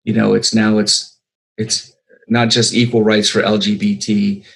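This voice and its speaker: A man's voice: fairly low pitch, flat delivery, a little slow, gravelly, fairly bright tone, poor audio. A middle-aged man, a filmmaker, answering interview questions in a rambling way with many fillers and restarts. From United States.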